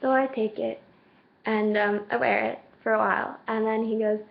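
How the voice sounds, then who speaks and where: A woman's voice: a little high, fairly even intonation, moderate pace, creaky, narrow, tinny audio. A teenage girl vlogging casually, gushing through a story, acting out the dialogue and saying "like" constantly. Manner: gushing, lots of "like", acts out dialogue.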